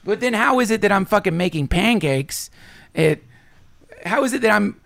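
A man's voice: sits high, animated, normal speed, creaky, a bit bright, dry recording. A man talking casually as a podcast guest, swearing freely and swinging his voice up and down as he voices his own thoughts.

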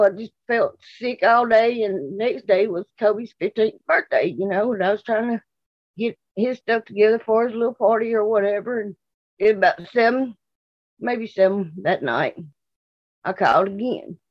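A woman from Mississippi, speaking with a Southern US accent, gives emotional interview testimony about her daughter's disappearance, blunt, indignant, and repetitive. Her mid-range voice comes through with no room sound but with the highs cut off.

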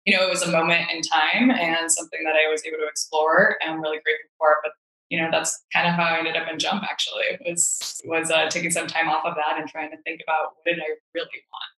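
Chatty woman with a bright voice in a roomy space. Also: deep voice, little pitch movement, quick pace. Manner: chatty, frequent "right?" and "like", laughs easily. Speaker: podcast guest, strategy director. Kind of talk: casual interview conversation.

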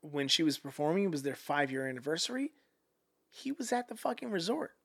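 Male podcast guest, gravelly and a bit high, casual and profane storyteller. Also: a little fast. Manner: animated, profane, acts out quotes.

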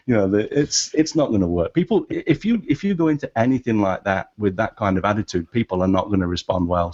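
A man speaking as a podcast guest in casual discussion, animated and halting, with a non-American English accent and many restarts. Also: on the low side, breathy edge, lo-fi sound.

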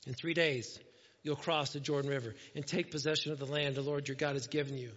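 A man's voice: medium pitch, steady tone, a little fast, fairly bright tone. A man preaching a sermon in a conversational way, often asking "right?" and acting out quotes as he reads scripture. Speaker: pastor. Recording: dull lo-fi sound with long hall reverb.

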